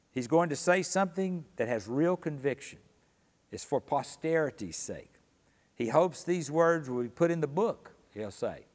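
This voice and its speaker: A man teaching a Sunday school Bible study, explaining calmly and slowing down to read scripture passages with emphasis. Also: mid-range voice, in a large hall. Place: church room.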